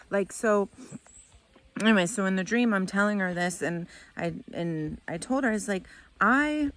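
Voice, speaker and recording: A woman's voice: mid-range voice, rough recording. A middle-aged woman telling a personal story in a candid, rambling way, tearing up at times. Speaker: vlogger.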